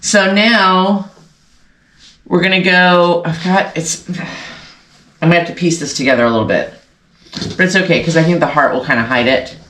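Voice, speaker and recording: A woman's voice: on the low side, normal speed, pauses often, fairly bright tone, a little hiss or hum. Rambling, congested woman in an echoey room. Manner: rambling, self-correcting, talks to viewers. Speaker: sewing channel host. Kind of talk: casual chatty sewing vlog.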